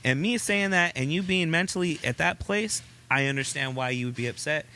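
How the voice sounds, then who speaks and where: A man's voice: on the high side, animated, fairly quick, sharp tone, slight background noise. A man in his thirties co-hosting a casual podcast, giving earnest relationship advice and acting out talks with his wife. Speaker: podcast co-host.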